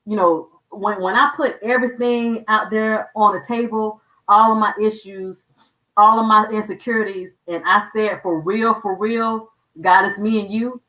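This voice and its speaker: A woman's voice: mid-range voice, steady tone, moderate pace, pushed and bright, echoey room, distant mic, rough recording. A woman hosting a show, sharing her faith testimony in an earnest, emotional way and repeating words when moved. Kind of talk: personal testimony talk.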